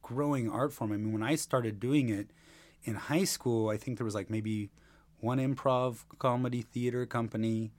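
A man's voice: mid-range voice, steady tone, moderate pace, darkish tone. A man chatting casually as a podcast guest, rambling and circling back often as he talks. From Seattle area, USA. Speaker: podcast guest, improv performer.

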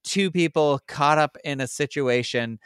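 A man with a fairly high, smooth voice chats casually on a podcast, filling his talk with likes and restarts. The sound is close and dry, with no room around it. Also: a little slow, a bit bright, no room sound. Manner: chatty, full of likes and restarts. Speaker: podcast co-host. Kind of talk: casual pop-culture chat.

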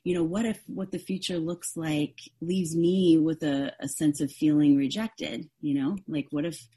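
A woman's voice: low-pitched, steady tone, unhurried, mellow, breathy edge. A woman pastor giving a sermon, earnest and openly vulnerable, often restarting her sentences. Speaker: interim co-pastor.

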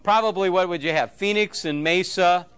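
A man's voice: sits high, moderate pace, fairly bright tone, clean tone. A middle-aged man preaching a sermon, telling a story with quoted dialogue in an emphatic way. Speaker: pastor.

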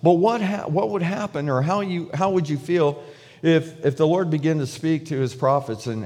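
A man's voice: on the high side, lively intonation, moderate pace, a little mellow. Male pastor preaching in a reverberant hall. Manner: conversational preaching with many restarts and fillers; acts out prayers and God's replies in paraphrase. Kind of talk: sermon.

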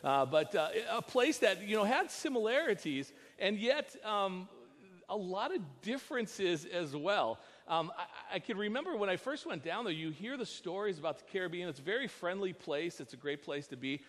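An American man preaching a sermon as pastor, telling a personal story with animated voices for the dialogue. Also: high voice, moderate pace. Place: church sanctuary. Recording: long church reverb.

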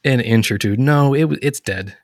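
A man narrating as game master of a tabletop game, relaxed and full of fillers. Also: medium pitch, normal speed, dry recording, clean studio sound. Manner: relaxed, hesitant, lots of fillers.

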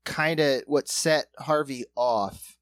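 A man in casual podcast chat, telling a profane, animated story and slipping into quick character voices. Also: mid-range voice, no room sound.

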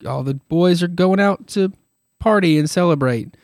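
A man doing rowdy high-pitched teen jocks. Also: normal speed, darkish tone, no echo, clean studio sound. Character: rowdy teenage football buddies, loud and eager.

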